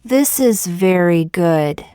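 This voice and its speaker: A woman reading short example sentences one by one for English learners, in a slow, deliberate, evenly paced way. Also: fairly low pitch, lively intonation, dark tone, clean tone, dry recording, clean studio sound. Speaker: English teacher.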